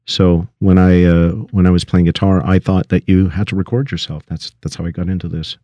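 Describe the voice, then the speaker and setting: Deep-voiced middle-aged man, halting storyteller. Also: little pitch movement, warm tone, no echo, lo-fi sound. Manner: halting, many restarts and fillers. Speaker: guest, recording engineer. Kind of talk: storytelling interview.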